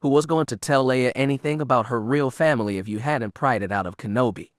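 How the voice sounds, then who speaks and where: A man doing a drunk, gruff middle-aged smuggler in an audiobook, his slurred drawl loud and vehement. The voice sits in an ordinary middle register and the recording is dry and close, with no room around it. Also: medium pitch, brisk, dry recording, lightly acted. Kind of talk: audiobook character reading.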